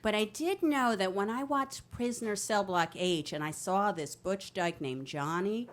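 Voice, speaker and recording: She's a fifty-something New Jersey woman telling a true comic tale at a city storytelling venue, speaking into a microphone. Her mid-range voice moves a little slowly, though the delivery stays brash and animated.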